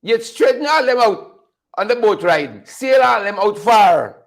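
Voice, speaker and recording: A man's voice: high-pitched, expressive, measured pace. A man hosting an unscripted political commentary show, mocking his subjects, laughing often and repeating phrases for effect. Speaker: show host.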